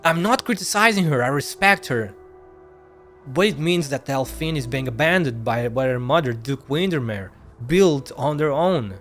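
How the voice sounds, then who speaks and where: A man's voice: mid-range voice, expressive, moderate pace, a bit bright, soft background music. A male streamer reading game dialogue aloud, stumbling over words and correcting himself as he goes.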